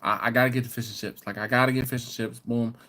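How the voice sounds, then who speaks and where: A man's voice: medium pitch, level tone, quick pace, sharp tone. A man from the United States hosting a live barbecue stream, chatting casually, reading out viewer comments and telling rambling stories. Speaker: host of a live barbecue channel.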